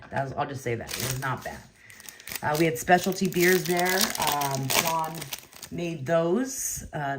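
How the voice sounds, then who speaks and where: A woman hosting a card break, chatting casually and rambling between pulls, with excited outbursts. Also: low voice, background noise. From California. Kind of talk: casual live-stream chat while opening cards.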